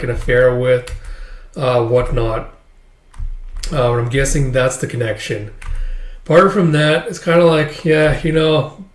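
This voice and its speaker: A man's voice: mid-range voice, reverberant. A man hosting a casual read-along of a comic chapter, rambling with lots of fillers. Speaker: host.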